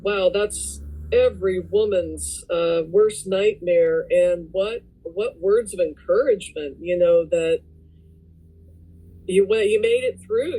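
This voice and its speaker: Slow-talking woman on a video call. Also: fairly low pitch, slightly rough, rough recording. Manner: slow, warm-hearted, exclaims often. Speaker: support group member. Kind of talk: casual video call chat. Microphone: computer mic on a video call.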